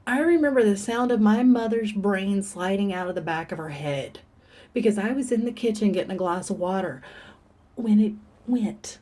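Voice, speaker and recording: In a dark room, a woman vlogger speaks to the camera in a confessional video, her mellow, slightly husky voice sitting at a medium pitch. She's expressive, earnest and openly emotional, halting as she opens up and frequently restarting her thoughts.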